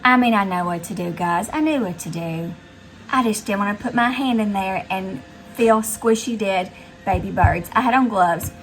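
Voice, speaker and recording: Middle-aged southern lady vlogging at home, chatty and animated, faint music under it. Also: mid-range voice, normal speed, rough recording. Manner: chatty, animated storyteller addressing viewers as guys. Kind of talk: casual vlog storytelling. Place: her house, indoors and out.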